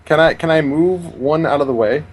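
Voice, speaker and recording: A man's voice: on the high side, normal speed. A man playing a tabletop game over voice chat, speaking hesitantly with many fillers. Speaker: player.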